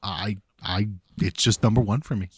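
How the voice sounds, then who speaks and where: A man co-hosting a podcast in casual chat, excitable and profane, often stumbling over his first words. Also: lowish voice, normal speed, husky. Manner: excitable, profane, stammering restarts. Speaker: podcast co-host.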